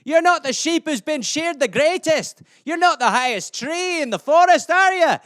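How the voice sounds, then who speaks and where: A man's voice: very high voice, expressive, moderate pace, fairly bright tone, no echo, studio quality, voice pushed up. A man voicing a chatty Scottish man who rambles through made-up sayings, cheerfully insulting his listener. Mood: cheeky.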